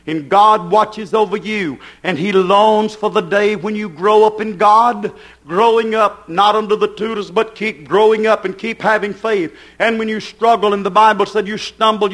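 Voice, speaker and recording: A middle-aged preacher with a notably high voice delivers a fervent sermon. He speeds through folksy asides, then slows down and shouts the key lines. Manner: fervent, rising to shouts with swings in pace.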